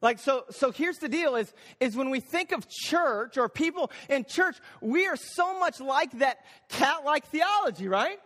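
A man preaching a sermon as pastor, animated, repeating phrases for emphasis and acting out little voices. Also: very high-pitched, a little slow, hardly any pauses. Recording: long hall reverb.

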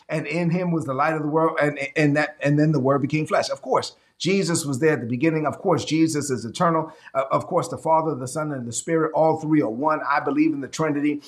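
A man preaching and teaching an online sermon, often repeating phrases and urging listeners to say lines aloud or type them in the chat. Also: on the high side. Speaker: pastor.

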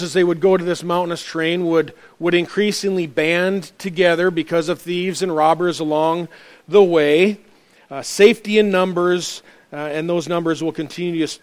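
High-voiced male preacher. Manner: earnest preaching with frequent restarts and fillers. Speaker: pastor. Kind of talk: sermon.

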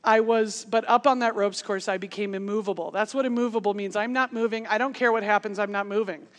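A woman in her forties telling a funny personal story in a sermon, animated and laughing as she goes. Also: mid-range voice, fairly quick. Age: 40s. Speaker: speaker. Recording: long hall reverb.

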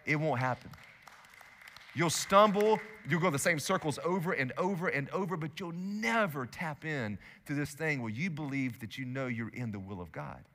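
A male pastor preaching a sermon in a church sanctuary, emphatic, swinging between loud declarations and hushed asides. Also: a little high, expressive, normal speed. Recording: long hall reverb.

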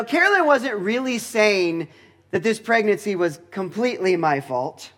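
A man teaching through a Bible passage in a deliberate, explanatory way, with touches of dry humor. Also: high-pitched, fairly bright tone.

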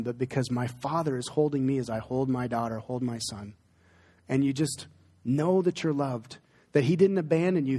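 A man's voice: mid-range voice, darkish tone. A middle-aged male pastor taking questions from his congregation in a church sanctuary, earnest and conversational, turning emotional at times. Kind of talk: sermon Q&A with congregation. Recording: long hall reverb.

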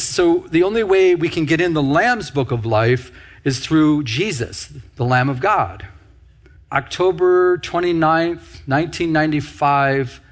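A middle-aged pastor with a voice on the high side preaches a teaching sermon. He often repeats phrases and puts questions to his listeners.

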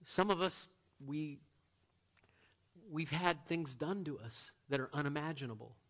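An earnest male pastor preaching with a slightly high voice. He pushes some lines out loud and emphatic, then drops to a near hush. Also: a little slow. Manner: earnest, swings from loud to hushed. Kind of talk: sermon.

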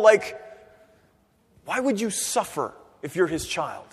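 High-voiced man preaching in a reverberant hall. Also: takes it slowly, long pauses, slightly rough. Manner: animated preaching, rising to near-shouts then dropping low. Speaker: pastor. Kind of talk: sermon. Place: church sanctuary. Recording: long reverb of a church hall.

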